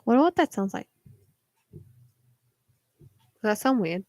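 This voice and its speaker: A woman's voice: fairly high pitch, big pitch swings, a little slow, darkish tone, no room sound. A young woman with a New Zealand accent who chats and rambles on a live stream while waiting to do card readings. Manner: rambling, chatty, many fillers. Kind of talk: casual live-stream chat.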